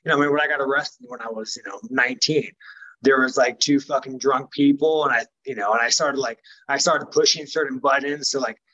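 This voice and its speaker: Husky, blunt, foul-mouthed man. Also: mid-range voice, steady tone, a little fast, fairly bright tone, highs cut off. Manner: blunt, profane, rambling with many fillers. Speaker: professional fighter. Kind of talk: casual interview chat.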